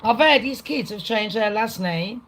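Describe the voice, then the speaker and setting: Woman on a livestream going off on one, rambly and sweary, mid-pitched, chatting straight to her viewers. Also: measured pace, low-quality recording. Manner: excitable, rambling, heavy swearing. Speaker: livestream host. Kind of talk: casual rant to a live chat.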